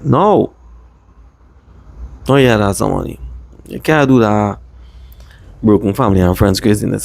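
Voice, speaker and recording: A man from Trinidad with a Trinidadian accent, casually telling a rambling personal story in lively dialect. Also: medium pitch, gravelly, husky, no echo. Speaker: vlogger.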